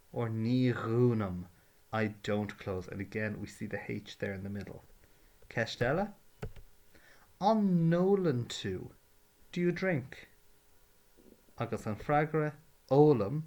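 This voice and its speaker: A man's voice: medium pitch, darkish tone. A man teaching a patient, step-by-step grammar lesson. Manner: patient, explains carefully, drills verb forms. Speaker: Irish language teacher.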